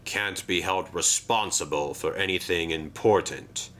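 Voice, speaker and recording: Give me a man playing a surly storybook diesel engine. He sounds low and unhurried, and he sneers at everyone. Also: exaggerated voice. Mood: sneering. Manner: sneering, flat, slow.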